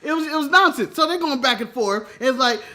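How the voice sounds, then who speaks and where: A male podcast co-host telling a story in casual chat, animated, laughing often and swearing freely. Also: very high-pitched, fast.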